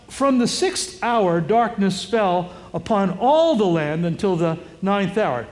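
Male pastor, very high voice, emphatic verse-by-verse sermon delivery. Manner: explanatory, emphatic, rises to loud cries on quoted words. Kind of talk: sermon with running scripture commentary.

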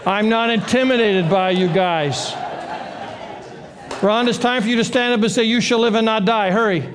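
Guy preaching, high voice, jokey and lively, does little voices for the characters. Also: normal speed, some chatter behind, a little hiss or hum. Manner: animated, joking, acts out voices of the people in the story. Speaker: pastor. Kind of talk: sermon.

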